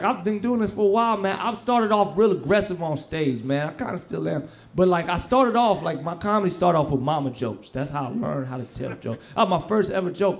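A young man doing a stand-up comedy set on stage, loud and streetwise, bantering with the crowd. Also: a little high, vocal fry. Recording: live show, loud crowd laughter and noise.

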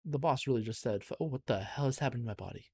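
A young man streaming a game live, exasperated and swearing as he reacts loudly to each attack. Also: medium pitch, expressive, very fast, husky, dry recording. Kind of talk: live gameplay commentary.

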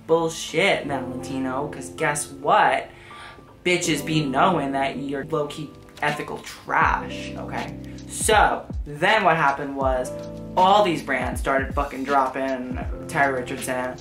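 A woman with a low voice delivers blunt, sarcastic vlog commentary laced with swearing. Her voice bounces around an echoey room. Music plays underneath throughout. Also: takes it slowly. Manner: profane, sarcastic, frank. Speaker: fashion vlogger. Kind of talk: casual commentary.

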